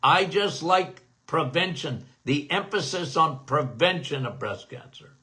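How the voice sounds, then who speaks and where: A man's voice: fairly high pitch, expressive, a little slow, sharp tone. A middle-aged man hosting a health Q&A podcast, talking casually and repeating phrases for emphasis as he addresses his listeners as guys. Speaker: podcast host, doctor.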